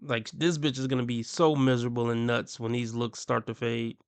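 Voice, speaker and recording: A man's voice: medium pitch, flat delivery, normal speed, creaky, clean tone, no echo. A man ranting bluntly and crudely as he reacts to clips on his stream. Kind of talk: ranting commentary.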